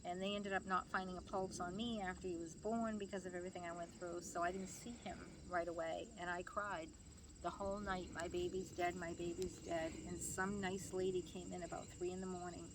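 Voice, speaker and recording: A woman's voice: lowish voice, flat delivery, a little fast, noisy background. Older grandmother telling family stories. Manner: chatty, laughing, acts out quoted voices. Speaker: grandmother being interviewed. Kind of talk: family storytelling interview.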